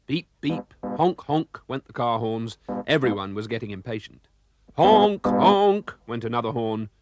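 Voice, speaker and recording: A man narrating a children's storybook cartoon, expressive and voicing the sound effects himself. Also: mid-range voice, normal speed.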